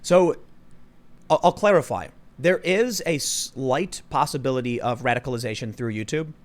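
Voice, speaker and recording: Male podcast host, mid pitch, argumentative and emphatic in casual political talk. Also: moderate pace.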